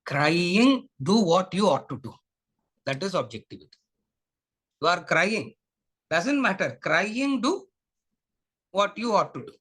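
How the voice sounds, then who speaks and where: A man's voice: high voice, sing-song, unhurried, long pauses, a bit bright, slightly rough. A man with a Tamil English accent teaching a spiritual lecture class, repeating his points and often asking the class whether they follow, slipping Tamil phrases into his English. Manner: repetitive, questioning, mixes Tamil into English.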